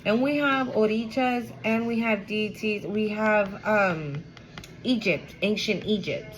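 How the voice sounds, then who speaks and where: A woman's voice: medium pitch, slow, low-quality recording. A woman giving a casual, emotional spiritual card reading to her viewers, repeating herself and swearing now and then. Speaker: tarot reader.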